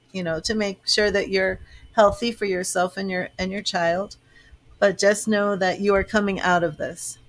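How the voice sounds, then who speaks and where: Woman psychic, live-stream host, reassuring and conversational. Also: lowish voice. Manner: reassuring, chatty, answers viewer comments. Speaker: psychic reader. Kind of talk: live-stream tarot reading.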